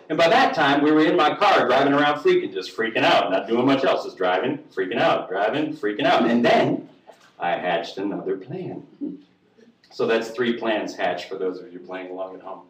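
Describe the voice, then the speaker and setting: A man's voice: fairly high pitch, animated, normal speed. A man reading a comic story aloud to a live audience, wry and profane, acting out the voices. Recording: echoey room, distant mic, faint noise.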